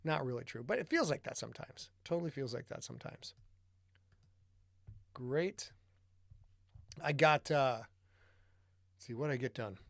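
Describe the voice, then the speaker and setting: A man's voice: medium pitch, lively intonation, normal speed, vocal fry, pauses often, no room sound. A man hosting a casual livestream, chatty, greeting viewers by name and muttering to himself while he sets up. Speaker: podcast host.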